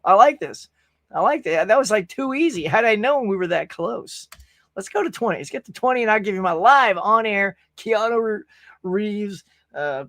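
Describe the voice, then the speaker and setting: A man's voice: high-pitched, a bit bright, no echo, clean studio sound. A man hosting a casual movie-talk livestream, reading viewer comments aloud and bantering with the chat. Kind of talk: casual live-stream chat.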